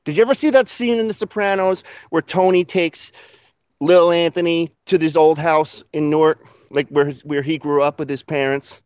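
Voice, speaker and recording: A man's voice: a little high, fairly even intonation, normal speed, darkish tone, clear, resonant tone. A man co-hosting a casual shop-talk podcast, laid-back and profane, laughing often. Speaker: podcast co-host. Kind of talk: casual chat.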